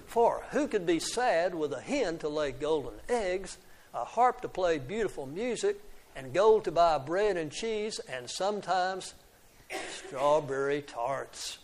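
Reading a fairy tale to children a little slowly, this storyteller has a slightly high, expressive voice. He occasionally trips over words and slips in small asides to his young listeners.

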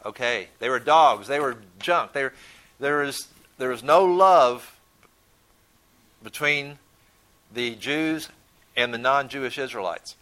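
A man's voice: medium pitch, takes it slowly, pauses often, bright, forceful tone. A man teaching a Bible study in a conversational way, often repeating words as he thinks and asking his listeners questions.

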